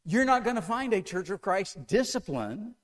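A man's voice: sits high, big pitch swings, moderate pace. A man preaching a sermon to a congregation, asking them one question after another with an emphatic delivery. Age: older.

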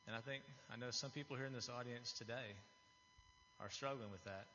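A man's voice: mid-range voice, steady tone, fairly quick, pushed and bright, slight background noise. A man giving an earnest, confessional testimony to a church audience, often restarting his phrases. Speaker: lay speaker giving a testimony. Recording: dull, reverberant hall recording.

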